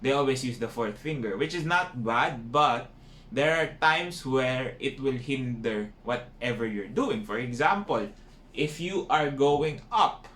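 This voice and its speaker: Speaking at a measured pace, this violin teacher has a medium-pitched, animated, fairly bright voice and a Filipino accent. He keeps the lesson casual, switches between English and Filipino, and often tacks on tag questions, recorded in an echoey room with faint noise.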